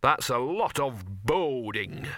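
A man's voice: mid-range voice, big pitch swings, pushed and bright, dry recording, studio quality, heavily acted. A man doing a scruffy cynical talking dog. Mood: ominous. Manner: gloomy, knowing, drawn-out working-class talk.

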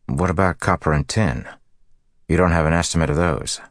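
A sarcastic, grumbling young rogue with a deep, gravelly voice, as a male narrator plays him in an audiobook. He sounds close and dry, as if the mic were right at his mouth. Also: brisk, no room sound. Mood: incredulous. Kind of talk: audiobook character voice.

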